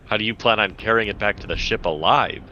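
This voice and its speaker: A man's voice: fairly low pitch, fast talker, bright, forceful tone, highs cut off. A man playing in a tabletop role-playing game, stumbling and repeating words. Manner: stammering repeats. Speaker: player. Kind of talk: casual tabletop game play.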